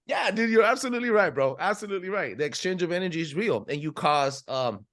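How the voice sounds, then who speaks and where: A man from California speaks quickly and emphatically in a casual podcast chat. His voice sits a little high, and he fills his talk with profanity and acted-out bits of stories. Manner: profane, emphatic, animated storytelling. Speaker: podcast host.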